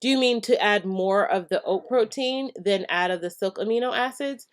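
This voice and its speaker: A woman's voice: mid-range voice, normal speed. Chatty woman hosting a live chat. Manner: chatty and laughing, with frequent fillers and restarts. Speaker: live stream host answering chat questions.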